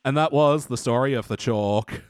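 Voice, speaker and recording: A man hosting a casual comedy podcast, giggly and halting with fillers. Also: medium pitch. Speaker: podcast host.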